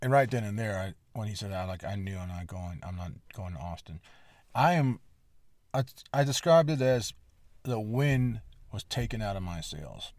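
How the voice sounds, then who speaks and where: A man's voice: deep voice, fairly quick, hardly any pauses, no room sound. A man hosting a podcast, telling a long story in a casual, rambling way, with a lot of swearing and emphatic asides. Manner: lively, emphatic retelling. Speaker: podcast host.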